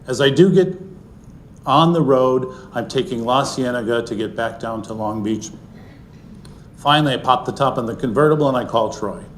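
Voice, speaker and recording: A middle-aged man telling a personal story to an audience, earnest, and often sinking into a soft, hushed voice. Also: mid-range voice, normal speed, slight background noise. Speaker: speaker sharing a personal story.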